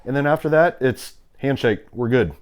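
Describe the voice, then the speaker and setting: A man's voice: medium pitch, moderate pace. A man hosting a podcast who chimes in with short, agreeing remarks during a casual chat. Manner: brief agreeing interjections. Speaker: podcast host.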